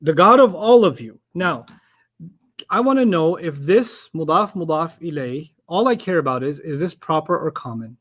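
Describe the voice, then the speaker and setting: A man teaching a classroom lesson in Quranic Arabic, who prompts call-and-response and recites rapidly. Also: a little high, lively intonation, a bit bright.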